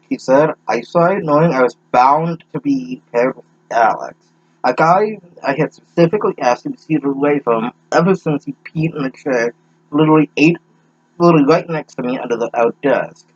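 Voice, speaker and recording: A man's voice: a little high, moderate pace, husky, no room sound, lo-fi sound. Young man, sarcastic fanfic reading. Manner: sarcastic, stumbling over words. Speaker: reader mocking a fanfic. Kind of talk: comedic reading with profane asides.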